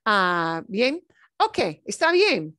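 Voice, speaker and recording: A woman's voice: mid-range voice, sing-song, slow, pushed and bright, no room sound. Chatty woman teaching Spanish, dry sound. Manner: chatty, mixes Spanish phrases into English explanations. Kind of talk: online class lesson.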